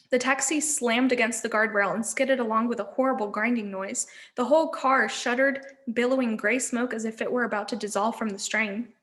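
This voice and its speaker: A woman's voice: on the high side, brisk, few pauses. Woman reading a novel aloud. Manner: expressive, lively with voices. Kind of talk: storybook read-aloud.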